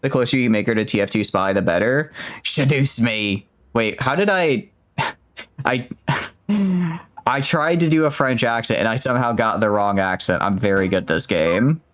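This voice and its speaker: A man's voice: mid-range voice, lively intonation, normal speed, a bit bright. A young man casually chatting with viewers while streaming a game, rambling and laughing often. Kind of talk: casual gameplay livestream chat.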